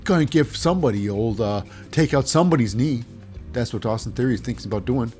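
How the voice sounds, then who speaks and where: A man's voice: medium pitch, a little fast, darkish tone, soft background music. A man hosting a casual wrestling recap, rambling with sarcastic asides. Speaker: host.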